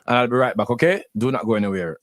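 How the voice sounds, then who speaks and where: A man's voice: mid-range voice, expressive, very fast. A man hosting a radio talk show, chatting loosely with guests and often restarting his words. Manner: loose, filler-heavy, repeats words. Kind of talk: casual interview chat.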